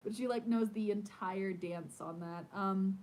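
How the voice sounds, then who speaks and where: A woman in her thirties, a podcast host, chatting casually and telling animated stories with lots of "like". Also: medium pitch, unhurried, rough recording. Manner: chatty, animated storytelling with many "like"s. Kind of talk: casual chat.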